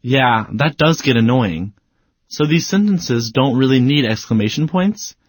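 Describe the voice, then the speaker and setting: Male student voice for an educational video: playful, lively pitch, slightly husky, dry booth sound. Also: a little slow, no echo. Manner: playful, mock-exasperated. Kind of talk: scripted educational dialogue.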